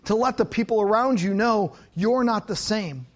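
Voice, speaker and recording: A man's voice: high voice, normal speed. A man preaching a sermon to his congregation, conversational and joking with asides. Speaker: pastor.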